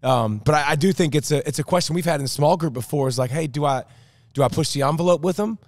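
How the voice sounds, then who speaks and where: A man's voice: a little high, quick pace, dry recording, clean studio sound. A man co-hosting a podcast, chatting casually and rambling through his thoughts with many restarts. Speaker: podcast co-host. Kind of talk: casual chat.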